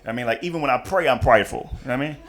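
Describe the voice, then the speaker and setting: A man's voice: mid-range voice, rapid-fire, slight background noise. A young man performing a chatty stand-up comedy routine on a club stage. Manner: animated, chatty, many "you know what I mean".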